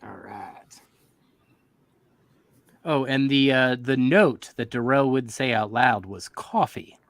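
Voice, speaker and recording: A man's voice: mid-range voice, slow, dry recording. Guy hosting a whiskey tasting, teasing his buddies, laid back. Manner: teasing, playful. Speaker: host of a whiskey tasting show. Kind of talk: casual chat.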